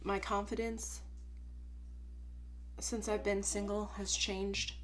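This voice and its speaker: A woman's voice: mid-range voice, little pitch movement, slow. A woman vlogger in casual confessional chat, rambling and frank, swearing freely as she works through her thoughts. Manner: many fillers and restarts, talks herself through thoughts.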